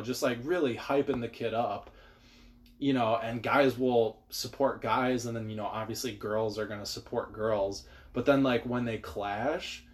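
A young man co-hosting a podcast in crude casual chat, rambling and swearing, with lots of likes. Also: fairly low pitch. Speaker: podcast co-host.

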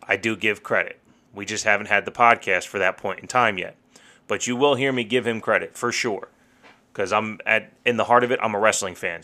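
A man's voice: fairly low pitch, bright, forceful tone. A young man co-hosting a podcast, ranting heatedly in casual talk and swearing freely. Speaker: podcast co-host.

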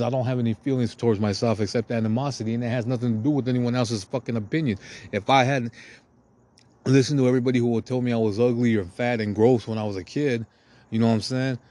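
A man's voice: medium pitch, dark tone. A man talking in a profane, meandering, self-deprecating monologue as a podcast host. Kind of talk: rambling confessional monologue.

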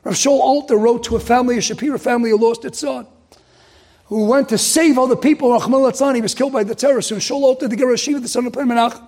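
A man, a rabbi, giving a sermon, swinging from loud outrage to hushed emphasis. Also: very high-pitched, fairly even intonation, very fast.

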